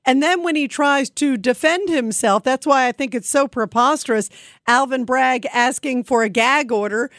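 A woman's voice: high-pitched, moderate pace, fairly bright tone, no echo, studio quality. A woman hosting a political call-in radio show, emphatic and opinionated, often stumbling over her first word. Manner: emphatic and opinionated, with frequent stutter-starts. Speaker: radio talk show host.

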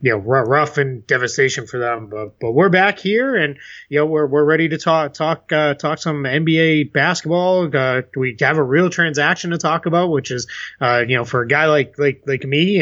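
A man's voice: medium pitch, a bit bright. A male podcast co-host in casual chat who walks listeners through contract details step by step. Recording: dull lo-fi sound.

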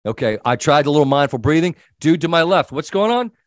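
A middle-aged man hosting a sports talk show, telling an animated story and acting out the people in it. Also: fairly high pitch, fairly quick, no echo, clean studio sound. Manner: animated storyteller, quoting himself and others. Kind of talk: casual storytelling chat.

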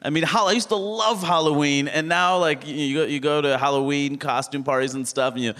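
A man's voice: a little high, steady tone, brisk, a bit bright. A man performing a stand-up comedy set on stage, telling stories animatedly and mimicking other people. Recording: live hall with reverb, faint noise.

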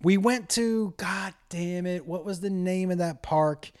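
A man's voice: high-pitched, unhurried, smooth, dry recording, clean studio sound. A man telling a profane comic story in a casual way, acting out the other people's lines. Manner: profane, animated, acts out quotes. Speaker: comedian storyteller.

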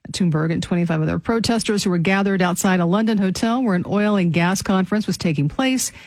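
A woman's voice: medium pitch, fast, darkish tone, dry recording. A female radio co-host giving dry, short replies and reading a news item. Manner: dry, brief agreeing replies.

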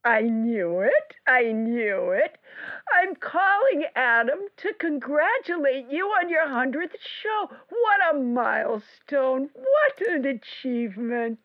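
A woman's voice: sits high, sing-song, takes it slowly, dry recording, narrow, tinny audio, full character voice. Cher Eva, a woman playing a self-assured psychic caller. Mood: mystical.

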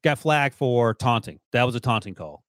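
A man's voice: mid-range voice, animated, normal speed, a bit bright, dry recording. A man in his forties co-hosting a casual sports podcast, blunt and joking. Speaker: podcast co-host.

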